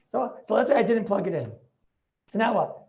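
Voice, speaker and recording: A man's voice: sits high, lively intonation, brisk, vocal fry, darkish tone. A man making a Talmudic argument in an online Torah class over a video call. He talks eagerly, restarts his sentences and keeps checking with "right?".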